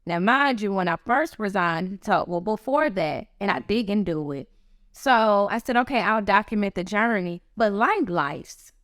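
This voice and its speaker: A woman's voice: moderate pace, dry recording, studio quality. A woman guest telling a personal story in a casual interview, acting out the voices of people she quotes. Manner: animated, acts out quoted voices with big pitch jumps. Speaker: guest author.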